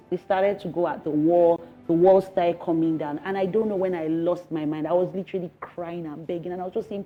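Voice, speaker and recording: A woman in her thirties with a Nigerian English accent, giving an emotional, earnest news interview, halting and pleading at times. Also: medium pitch. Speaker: interviewed resident. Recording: slightly dull broadcast audio with faint music.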